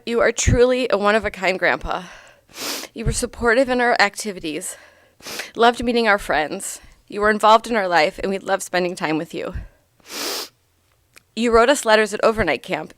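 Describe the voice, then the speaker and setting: A woman in her thirties reading a eulogy for her grandfather aloud, heartfelt and gently humorous. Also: medium pitch, no echo.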